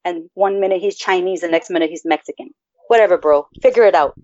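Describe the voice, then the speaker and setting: A woman's voice: lowish voice, fast talker, a little mellow, no echo. Profane, rambling woman podcast host. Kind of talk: casual chat. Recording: dull lo-fi sound.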